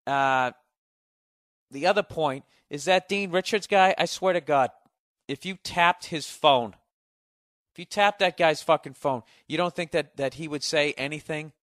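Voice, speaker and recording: A man's voice: mid-range voice, fairly bright tone, no echo, studio quality. A man ranting profanely and rambling as he hosts a solo comedic talk show. He keeps cutting himself off and mocks others in raised voices, and his voice sounds sore. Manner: profane, rambling, self-interrupting. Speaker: podcast host.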